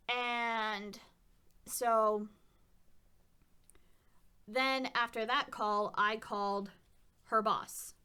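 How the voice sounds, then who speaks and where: A woman's voice: mid-range voice, sharp tone, smooth. A woman telling a story in a casual, rambling way, with wry asides about herself. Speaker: vlogger.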